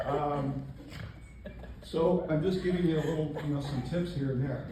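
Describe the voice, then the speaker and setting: Older man, stand-up comic, deadpan, echoey live club, distant mic. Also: on the high side, normal speed, crowd noise. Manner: deadpan, self-mocking delivery. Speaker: stand-up comedian. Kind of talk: stand-up comedy set. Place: comedy club stage with a laughing audience. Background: audience laughter.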